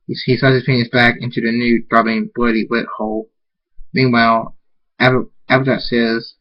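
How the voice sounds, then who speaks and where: A man reading fan fiction aloud, halting and restarting words as he goes. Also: mid-range voice, level tone, highs cut off. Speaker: amateur reader.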